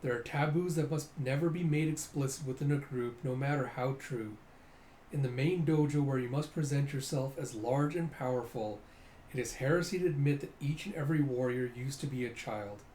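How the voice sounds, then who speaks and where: A man voicing a proud karate master who now regrets his past, speaking slowly and solemnly. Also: medium pitch, darkish tone, close to an everyday voice. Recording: roomy echo, faint noise.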